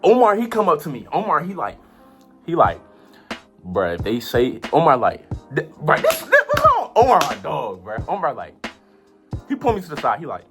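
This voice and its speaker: A young woman telling a story in a casual vlog, animated and full of repeated "like"s. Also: low-pitched, moderate pace, over music. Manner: animated, lots of "like" and repeated phrases.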